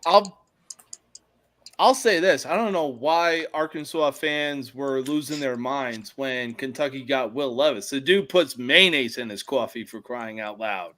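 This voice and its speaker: A man's voice: medium pitch, a little slow, pushed and bright. A man co-hosting a casual sports podcast, joking and laughing often. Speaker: podcast co-host.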